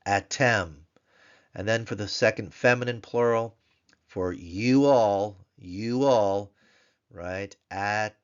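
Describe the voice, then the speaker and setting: A man teaching a recorded grammar lesson, slowly repeating each word several times for drill. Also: low voice, a bit bright. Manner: slow, repeats words for drill. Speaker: language teacher. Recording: dull lo-fi sound.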